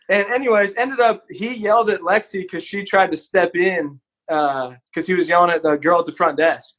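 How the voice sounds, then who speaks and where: A man's voice: high-pitched, brisk, hardly any pauses, fairly bright tone. A man from Texas, a podcast guest, telling an earnest, candid story in a casual, conversational way.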